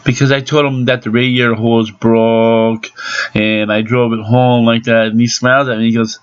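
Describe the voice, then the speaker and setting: A man's voice: mid-range voice, little pitch movement, normal speed, clear, resonant tone. A man angrily ranting about a botched car repair, swearing heavily. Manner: angry, profane ranting. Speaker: angry car owner. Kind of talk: ranting vlog. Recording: dull lo-fi recording.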